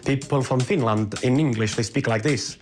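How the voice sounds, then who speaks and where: A man speaking enthusiastically in a casual interview, talking about languages and accents, with music playing behind him. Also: medium pitch. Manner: fast, enthusiastic, imitates accents. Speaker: interviewee, polyglot.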